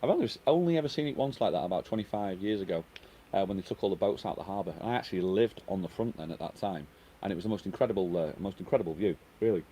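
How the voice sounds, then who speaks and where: A middle-aged man with a lowish voice hosts a live stream outdoors, talking quickly and casually. He reads viewer comments aloud and answers each one. A microphone resting on a nearby table picks him up, with a faint outdoor hum behind him. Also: mellow. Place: outdoors on a home terrace. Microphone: microphone set down at a table.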